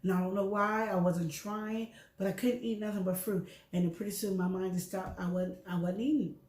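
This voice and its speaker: A middle-aged woman co-hosting a show talks briskly at medium pitch, her voice echoing around the room. She's candid about her health and tells animated stories, performing each line of dialogue.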